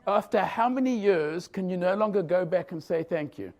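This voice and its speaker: A man's voice: sits high, expressive, normal speed, a little mellow. A man giving an engaging leadership lecture, asking his audience questions as he talks. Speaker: leadership professor presenting a session. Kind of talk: lively lecture to a live audience. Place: conference room.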